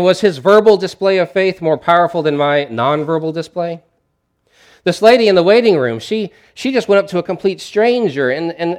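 A man preaching a sermon as a pastor, telling a story in a conversational way with frequent restarts. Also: a little high.

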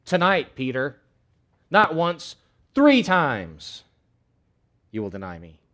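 A male preacher speaks as a calm, solemn grown teacher. The voice stays steady and quiet. Each word is firm and deliberate. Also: fairly high pitch, pitched above the performer's own voice, heavily acted.

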